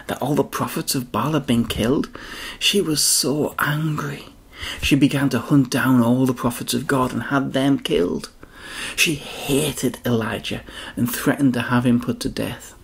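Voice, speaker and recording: Guy reading a bible story to kids, gravelly and a bit husky, pretty expressive. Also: medium pitch, moderate pace. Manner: expressive, addresses children directly. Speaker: children's church storyteller. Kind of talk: children's Bible story narration.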